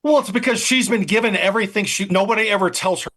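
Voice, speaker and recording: A man's voice: high voice, fast, a bit bright. A man co-hosting a casual movie review podcast, blunt and profane in his opinions. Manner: blunt and profane, emphatic agreement. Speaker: podcast co-host.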